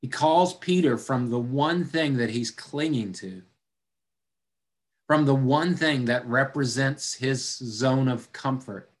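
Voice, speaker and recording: A male pastor preaching a sermon in a conversational way, acting out quoted voices with dry humor. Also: medium pitch.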